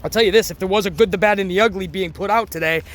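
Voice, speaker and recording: A man with a fairly high voice talks through a wrestling show in loose, rambling commentary. He gets excited and swears freely, and his pitch climbs when something thrills him. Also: rapid-fire. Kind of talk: casual commentary.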